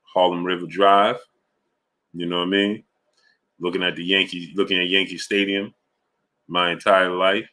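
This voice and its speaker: Man, New York accent, low voice, bright forceful tone, casual livestream chat, slangy, greets viewers. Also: flat delivery, moderate pace, long pauses. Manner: slangy, reads out viewer names and greets them. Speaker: livestream host.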